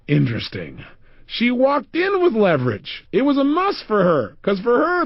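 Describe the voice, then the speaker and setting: Man, motivational speaker, lively storyteller with a dry, close sound. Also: high-pitched, no echo, highs cut off. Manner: animated storytelling, acting out quotes. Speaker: self-help speaker. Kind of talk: motivational audio program.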